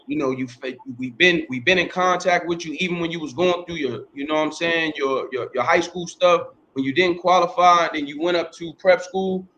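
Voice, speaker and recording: A middle-aged man who hosts a podcast tells his life story in a casual interview, his fairly high, slightly bright voice rambling and repeating itself with plenty of slang and profanity. There is slight background noise.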